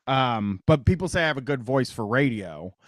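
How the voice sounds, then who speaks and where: A man's voice: mid-range voice, lively intonation, moderate pace, no room sound. Man, Midwestern accent, radio call-in host, rambling, casual swearing, dry close sound. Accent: Midwestern American. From Columbus, Ohio, US Midwest. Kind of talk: casual radio talk show chat.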